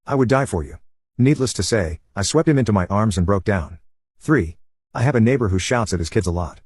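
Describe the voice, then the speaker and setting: Husky low-voiced man reading stories. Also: no room sound, clean studio sound. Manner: even, unhurried reading with no fillers. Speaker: narrator. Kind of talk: reading online stories aloud.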